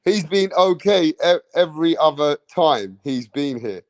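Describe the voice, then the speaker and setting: A man's voice: fairly high pitch, expressive, a little slow. A man hosting a boxing channel, talking casually and chiding viewers in street slang. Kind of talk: casual livestream rant.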